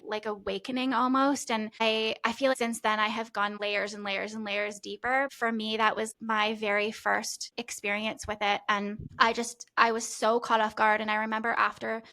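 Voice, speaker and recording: An earnest woman in her thirties speaks in a fairly high voice that barely rises or falls. She talks through a heartfelt personal account, restarting sentences as she searches for words. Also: sharp tone. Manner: earnest, emotional, with restarts and laughs. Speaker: podcast host. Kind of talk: heartfelt conversational testimonial.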